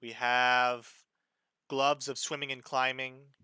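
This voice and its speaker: A man's voice: mid-range voice, flat delivery, takes it slowly, sharp tone, smooth, no room sound. A man narrating as dungeon master in a casual tabletop game session, describing scenes with loose fillers.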